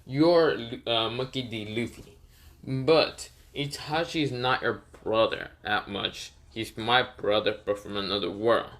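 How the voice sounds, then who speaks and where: A man's voice: mid-range voice, a little slow, fairly bright tone. A man voicing a stern older male ninja who bluntly scolds a younger hero, in a fan story.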